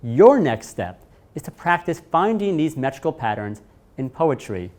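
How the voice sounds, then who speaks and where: Man reading a lively poetry lesson. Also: a little high, moderate pace. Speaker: teacher. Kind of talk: scripted lesson narration.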